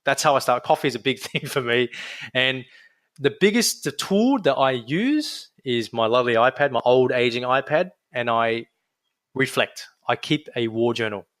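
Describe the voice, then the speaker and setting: A young adult man with an Australian accent, a podiatrist guest talking in a casual, energetic interview with frequent restarts. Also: mid-range voice, moderate pace, no room sound.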